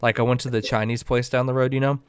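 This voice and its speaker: A man's voice: mid-range voice, level tone, fast talker, clear, resonant tone, dry recording. A man in his twenties co-hosting a podcast, telling rambling, self-mocking stories full of swearing. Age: 20s. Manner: rambling, swears a lot, laughs at himself. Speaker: podcast co-host. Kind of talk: casual podcast chat.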